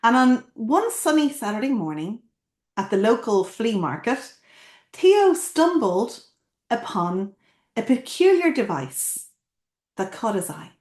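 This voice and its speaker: Playful woman coach with a lively voice. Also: on the high side, takes it slowly. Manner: playful, asks the listener questions. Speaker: coach and academy founder. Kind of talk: motivational talk with storytelling. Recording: roomy echo.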